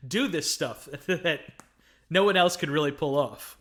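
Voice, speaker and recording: A man's voice: fairly high pitch, a little slow, fairly bright tone. A man co-hosting a casual film review podcast, laughing often and acting out favorite movie lines. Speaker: podcast co-host.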